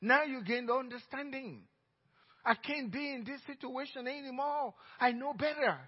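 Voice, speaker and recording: A middle-aged man with a Nigerian accent preaching a sermon as pastor, telling stories emphatically and swinging between loud outbursts and hushed asides. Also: very high-pitched, normal speed, husky. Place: church sanctuary. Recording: dull reverberant church recording.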